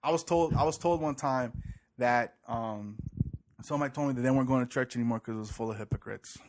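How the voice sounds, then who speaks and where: Guy on a podcast, sarcastic storyteller, kinda breathy, mid pitch, acts out what ppl said. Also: fast. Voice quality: heavy breathing. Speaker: podcast co-host. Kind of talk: casual chat about church.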